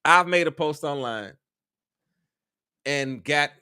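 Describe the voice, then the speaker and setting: A man co-hosting a casual talk show, animated and profane, repeating himself as he makes his point. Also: a little high, slow, clean tone, no echo, studio quality. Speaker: co-host. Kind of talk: casual podcast chat.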